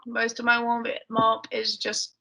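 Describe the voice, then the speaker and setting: A woman's voice: a little high, completely flat delivery, a little slow, sharp tone, rough recording. A young woman with an English accent, chatting casually as a podcast guest, mumbly with lots of fillers. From England. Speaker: guest athlete.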